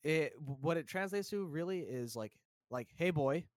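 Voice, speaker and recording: A man's voice: fairly high pitch, moderate pace, no room sound, clean studio sound. A young man from the United States chatting casually, rambling with lots of fillers. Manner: relaxed, rambling, many fillers. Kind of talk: casual chat.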